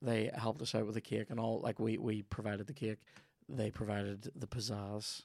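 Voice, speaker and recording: This sweary, comedic sponsor segment comes from a Northern Irish podcast host who rambles and jokes throughout. His darkish voice sits on the low side, moves little in pitch and runs at a moderate pace, recorded dry with clean studio sound.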